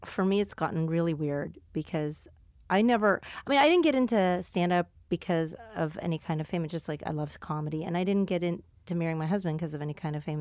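A woman comedian hosting a podcast, telling stories in a lively casual way with lots of fillers and laughter. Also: low-pitched, dry recording. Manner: animated storyteller, laughs often, frequent fillers. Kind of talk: casual chat.

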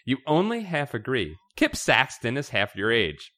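Brief: animated male podcast co-host, bright voice, playful reader. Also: mid-range voice, normal speed. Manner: playful, animated, laughing asides. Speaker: co-host reading a choose-your-own-adventure book aloud. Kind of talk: comedic podcast book reading.

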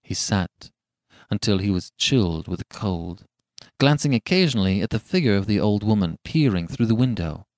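Low-voiced male storyteller, hushed and expressive. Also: normal speed, dry recording, studio quality. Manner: hushed, suspenseful delivery. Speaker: audiobook narrator. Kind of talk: dramatic storybook narration.

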